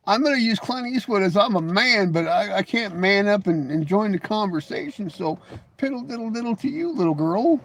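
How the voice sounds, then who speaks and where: A man's voice: high voice, expressive, normal speed, dry recording. A man hosting a casual live stream, answering viewers in chat with mocking, teasing remarks, often laughing and repeating words as he starts a thought.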